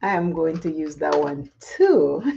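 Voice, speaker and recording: A woman's voice: sits low, unhurried, vocal fry, warm tone, a little hiss or hum. A woman chatting casually and laughing often while she does her makeup for a vlog. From Caribbean. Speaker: makeup vlogger. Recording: dull lo-fi sound.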